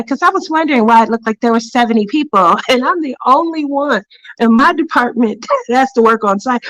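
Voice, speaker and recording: A woman's voice: fairly high pitch, a little fast, a bit bright, dry recording, rough recording. Chatty, laughing woman telling a work story. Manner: chatty, laughs often, greets viewers mid-story. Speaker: craft channel host. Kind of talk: casual livestream storytelling.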